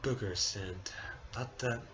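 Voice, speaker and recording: Halting tearful young man, lo-fi. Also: lowish voice. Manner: halting, hesitant, many restarts and apologies. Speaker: vlogger. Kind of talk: casual personal update.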